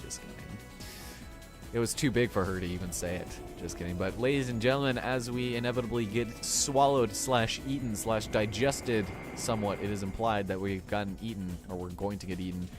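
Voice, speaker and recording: A man's voice: on the low side, brisk, hardly any pauses. A young man giving casual, rambling commentary while playing a video game, joking and laughing often. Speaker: gameplay commentator. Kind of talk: casual let's play commentary. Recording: game music behind. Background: game music.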